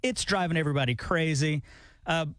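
A man in his forties from Alabama, co-hosting a morning radio show and telling stories in an animated, self-deprecating way. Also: a little high, a little fast, no echo. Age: 40s. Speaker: radio co-host.

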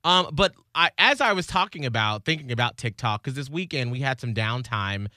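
A man chatting casually as a podcast co-host, his voice bright and forward. He gets animated and breaks into excited outbursts. The sound is dry and close. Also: mid-range voice, a little fast, no echo. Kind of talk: casual chat.

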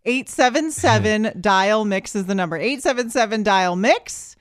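A woman's voice: mid-range voice, lively intonation, normal speed, no room sound, studio quality. A woman hosting a morning radio show, upbeat and playful, laughing often. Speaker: radio host. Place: radio studio. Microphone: studio mic.

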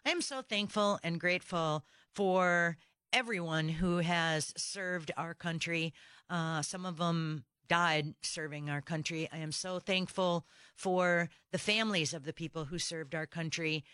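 A woman's voice: fairly low pitch, measured pace, a bit bright, smooth, dry recording. A woman hosting a talk radio show from a studio microphone, delivering an opinionated monologue full of indignant rhetorical questions.

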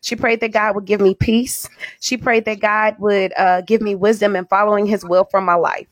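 A woman's voice: mid-range voice, level tone, normal speed, no echo. Dramatic storytelling radio woman. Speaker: radio personality. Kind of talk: storytelling in casual chat.

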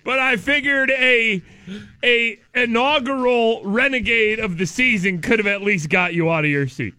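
A male morning radio host in his studio, hyped and excitable, cheering, shouting and tripping over his words in banter. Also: extremely high pitch, moderate pace, no room sound. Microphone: studio mic with headphones.

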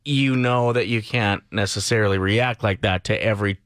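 A man's voice: fairly low pitch, fairly even intonation, moderate pace, fairly bright tone, no room sound. Joking male radio co-host, dry mic. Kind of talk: casual radio chat.

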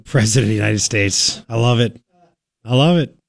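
A man's voice: medium pitch, moderate pace, gravelly, no echo. A man hosting a talk radio show, giving emphatic, argumentative commentary straight to the listener.

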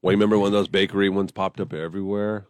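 A man's voice: deep voice, steady tone, racing, clear, resonant tone, dry recording. A man hosting a radio morning show, bantering casually and leading segments with sing-song intros.

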